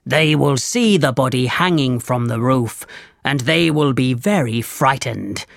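A storybook reader voices a stern, angry leader of thieves barking orders, laying down each command slowly. The delivery is gravelly, unhurried and expressive at a medium pitch, sitting close and dry with no echo or sense of room.

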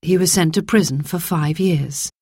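A sorrowful, gentle mother speaks in a low, measured voice, as a woman reading a storybook voices her. There is a husky, breathy edge to her words, heard close and dry. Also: no echo. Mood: sad calm.

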